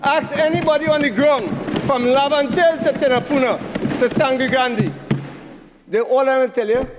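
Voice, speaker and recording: A man's voice: extremely high pitch, steady tone, normal speed, big-room sound, noisy background. A man with a Trinidadian accent giving a combative senate debate speech, repeating phrases for emphasis. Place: senate chamber.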